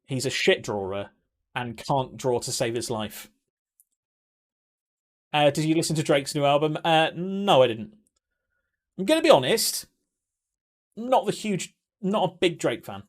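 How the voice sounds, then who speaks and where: A man's voice: a little high, very animated, a little slow, long pauses. A young man chatting casually on a live stream, reacting to viewers and laughing often. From England.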